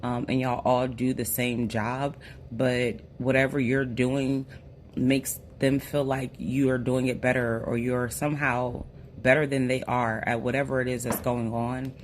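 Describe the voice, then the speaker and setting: Hoarse, chatty American tarot reader. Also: medium pitch, a little hiss or hum. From United States. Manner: chatty and relaxed, fills pauses with "um". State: hoarse, recovering from a lost voice. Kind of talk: casual spoken tarot reading.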